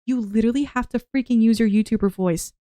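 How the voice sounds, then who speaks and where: A young woman rants with a slightly high, worn voice, animated and rambling in a casual vlog. She tells stories and breaks into acted-out quotes along the way. The sound is dry and close. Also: quick pace, dry recording. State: voice worn from shouting. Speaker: streamer and part-time teacher.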